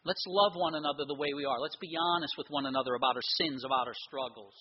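Male pastor, husky and fairly high, earnest sermon on a dull lo-fi recording. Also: fast. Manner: earnest preaching with quoted anecdotes.

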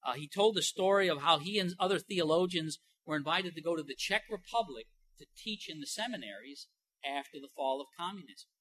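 A man's voice: a little high, expressive, brisk, fairly bright tone. A man preaching a sermon in a conversational way, building to emphatic, rising passages. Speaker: pastor.

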